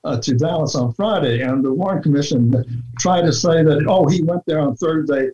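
A man talking through his research in a relaxed interview, deliberate and full of fillers and restarts. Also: on the high side. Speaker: researcher guest. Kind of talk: conversational interview talk. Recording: dull lo-fi sound.

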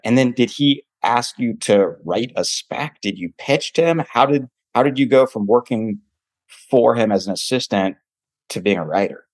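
Man in his thirties, lowish voice. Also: dry recording. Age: 30s. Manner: curious, conversational questioning. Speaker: podcast host. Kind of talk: interview questions.

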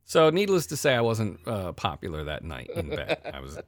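Animated, profane man ranting in a dry room. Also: lowish voice, moderate pace, no room sound. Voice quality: animated, swings loud and quiet, profane. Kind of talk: profane storytelling chat.

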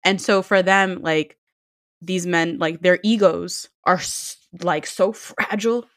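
A woman's voice: fairly low pitch, fairly even intonation, slow, fairly bright tone, no echo, clean studio sound. A young woman co-hosting a casual podcast chat, telling blunt, profane stories and acting out what people said. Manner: blunt, profane storytelling with acted-out quotes.

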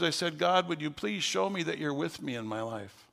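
Gravelly older male pastor preaching. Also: fairly high pitch, animated, moderate pace, fairly bright tone, big-room sound. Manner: folksy storytelling, rising to fervent preaching. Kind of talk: sermon.

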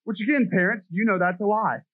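A middle-aged male pastor with a high voice preaches in a loose, joking, self-deprecating way, talking to the congregation as if chatting. The sound is dry and thin, like a phone line. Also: brisk, dry recording. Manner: jokey, self-deprecating, conversational. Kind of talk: sermon.

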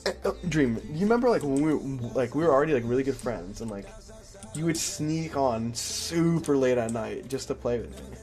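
A young man streaming a game, chatting casually with a friend in a rambling way, full of fillers and quick laughs. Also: medium pitch, lively intonation, darkish tone, soft background music. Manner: rambling, filler-heavy, giggly. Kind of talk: casual chat while gaming.

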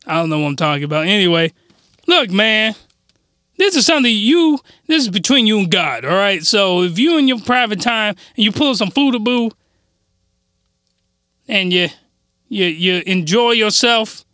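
A man's voice: high voice, lively intonation, normal speed, pushed and bright, clean tone, no echo, faint music behind. A man hosting a casual joking review vlog, rambling and cutting himself off, speaking in a put-on fake accent as a mock persona. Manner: rambling, self-interrupting, playing a mock persona. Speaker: video reviewer.

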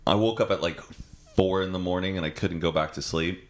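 A man's voice: sits low, fairly even intonation, a little fast. A man hosting a casual podcast chat, chatty and open, asking questions and sharing personal updates. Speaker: podcast host.

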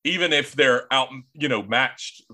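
Man, podcast host, forceful bright tone, hesitant restarts. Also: mid-range voice, measured pace. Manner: hesitant, many restarts, deferential. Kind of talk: casual podcast chat.

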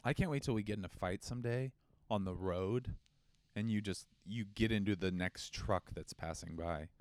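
A man's voice: fairly low pitch, normal speed, a little mellow, no echo. A young man co-hosting a podcast in casual comedic chat, joking and slipping into silly voices. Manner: jokey, slips into silly put-on voices. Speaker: podcast co-host.

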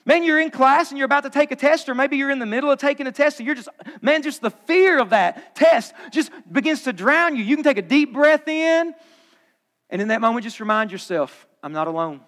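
High-voiced pastor preaching in a hall. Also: male voice, animated, a little fast. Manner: conversational, swings from loud punchy asides to hushed low emphasis. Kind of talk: sermon. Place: large church auditorium. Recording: long hall reverb.

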